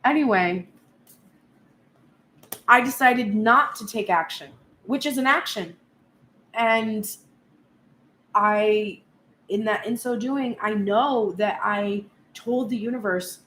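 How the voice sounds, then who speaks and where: A woman's voice: mid-range voice, takes it slowly, long pauses, fairly bright tone. Earnest woman reading tarot in an echoey room. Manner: reflective and earnest, speaking at length. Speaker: tarot reader. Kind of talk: spoken tarot reading vlog. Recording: echoey room with faint background noise.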